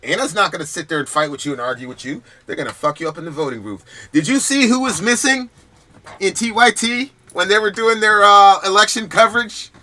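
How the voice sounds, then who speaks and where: A man's voice: high-pitched, expressive, brisk, pushed and bright. A man hosting a political commentary stream, talking in a heated, emphatic and profane way. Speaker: host.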